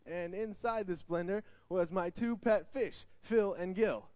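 A young man speaks to a youth crowd with animated storytelling, voicing the people in his tales. His voice sits high for a man, and the recording is dry and close. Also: unhurried, dry recording. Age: young adult. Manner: animated storytelling, acts out quotes. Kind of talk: energetic youth sermon.

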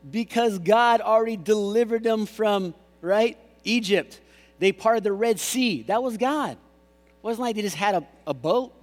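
A man preaching a sermon as pastor, animated and jokey, mimicking voices. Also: high voice, measured pace. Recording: long hall reverb.

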